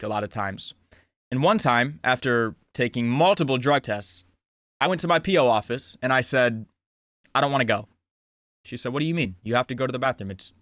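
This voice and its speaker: A man's voice: medium pitch, a bit bright, no room sound. Young male self-help talker, casual and blunt, swears freely, medium voice, dry recording. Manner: blunt, frequent swearing, many "you know"s. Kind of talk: casual storytelling monologue.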